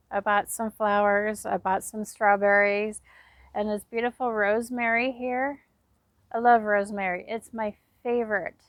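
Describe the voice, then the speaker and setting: A woman's voice: mid-range voice, no echo. A woman vlogging from her backyard homestead in a chatty, self-deprecating way, recorded outdoors on a windy day. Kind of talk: casual behind-the-scenes vlog.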